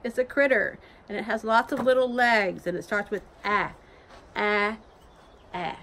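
A woman teacher giving a phonics lesson to young children from home, slowly sounding out letters in a sing-song way. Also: mid-range voice, a bit bright, a little hiss or hum. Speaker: elementary school teacher.

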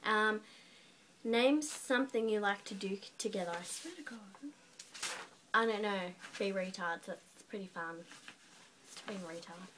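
A woman's voice: mid-range voice, a little slow, long pauses, background noise. An Australian woman hosting a casual vlog chat with her brother, teasing and giggly in a blunt way. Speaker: vlogger host.

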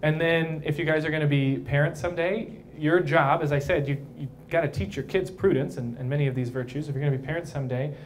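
Brief: male priest, casual live talk, playful and chatty, slightly high voice, faint room ambience. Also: steady tone, fast, few pauses, slight background noise. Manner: playful, conversational, keeps asking "right?". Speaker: priest speaking at a young adult event. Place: brewery, live audience.

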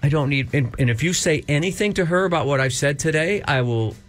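Animated, flustered radio co-host. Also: male voice, on the high side, brisk, soft background music. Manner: flustered, protesting. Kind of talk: morning radio banter.

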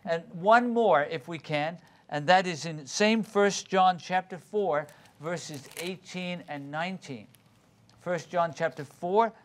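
High-voiced pastor leading a Bible study. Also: male voice, takes it slowly, slight background noise. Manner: explanatory, calls on readers by name, quotes and repeats verses. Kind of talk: interactive Bible study teaching.

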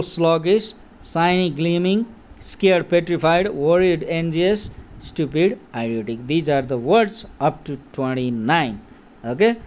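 A man in his late thirties gives an English vocabulary lesson at an unhurried pace. His voice sits a little high, and he repeats each word and keeps asking "okay?" to check that the class follows. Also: a little mellow. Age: 30s. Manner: slow, repetitive, checks in with "okay?" often.

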